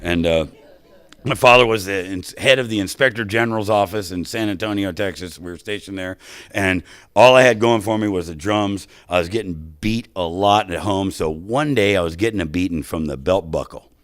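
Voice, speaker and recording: Man, middle-aged, fairly low voice, dry close sound, lively storytelling at a recovery meeting. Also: moderate pace, no echo. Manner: animated storytelling with frequent "right?" asides. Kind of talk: personal recovery story to an audience.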